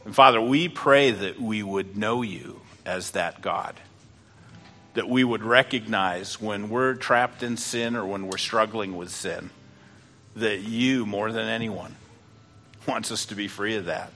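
A middle-aged man preaching a sermon as pastor, fervent and building to loud emotional peaks, then praying. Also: on the low side, unhurried, slight background noise.

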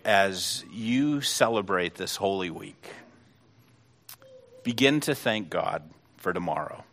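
A middle-aged man preaching a sermon as pastor, fervent and building to loud emotional peaks, then praying. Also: deep voice.

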